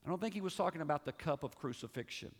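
A man's voice: animated, very fast. Man preaching dramatically in a reverberant hall. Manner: dramatic, swings from raised emphasis to hushed low delivery. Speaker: pastor. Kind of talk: sermon. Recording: long reverb of a large hall.

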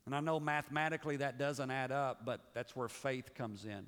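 Male pastor, mid-pitched, dramatic sermon delivery with hushed drops, recorded in a big reverberant sanctuary. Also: steady tone, a little fast, clear, resonant tone. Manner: dramatic, swings from raised emphasis to hushed low delivery. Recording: long reverb of a large hall.

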